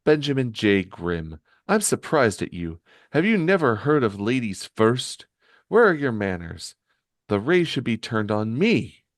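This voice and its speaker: A man's voice: medium pitch, big pitch swings, measured pace, dry recording, clean studio sound. A man voicing a prim young female superheroine who scolds a teammate about manners. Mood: scolding.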